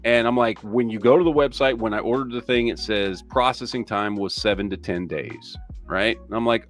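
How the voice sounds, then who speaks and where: Ranting, profane podcast host, lively voice. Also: male voice, lowish voice, moderate pace, hardly any pauses, soft background music. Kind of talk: casual live-stream chat.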